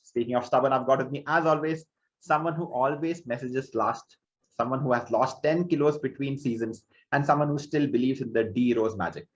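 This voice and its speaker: A man's voice: mid-range voice, fairly quick, dull audio. A man from India co-hosting a casual podcast, hesitant and often restarting his sentences. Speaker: podcast co-host.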